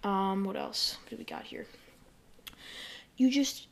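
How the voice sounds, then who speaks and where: A woman's voice: medium pitch, slow, vocal fry. Rambling woman hosting a casual podcast. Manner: rambling, full of fillers and self-corrections. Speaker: podcast host. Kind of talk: casual solo podcast chat. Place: bedroom. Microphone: desk mic.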